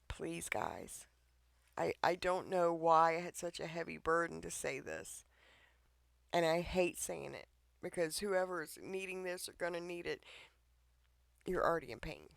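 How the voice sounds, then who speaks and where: A man's voice: fairly high pitch, animated, unhurried, gravelly, a bit bright, no room sound. A man preaching an informal devotional talk online, earnest and pleading, who keeps checking in with his listeners.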